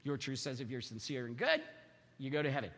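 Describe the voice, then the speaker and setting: Man, 50s, pastor, emphatic sermon, bright forceful voice, long hall reverb. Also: mid-range voice, very animated, fast talker. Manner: emphatic, repetitive preaching.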